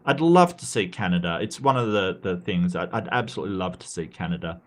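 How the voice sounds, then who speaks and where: With a low voice, lively intonation and a slightly quick pace, this Australian livestream host talks loosely and casually. He's impassioned, often stumbling, then starting over and repeating himself to drive his argument home.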